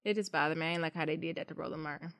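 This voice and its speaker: Relaxed woman podcast host, dry mic. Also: sits low, racing, no echo. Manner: conversational, relaxed, reads out contact details. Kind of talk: casual podcast chat.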